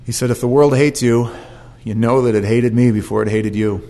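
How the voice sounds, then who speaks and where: A man's voice: medium pitch, fairly even intonation, a little fast, dark tone. A man preaching a sermon, telling the story with animation and acting out voices.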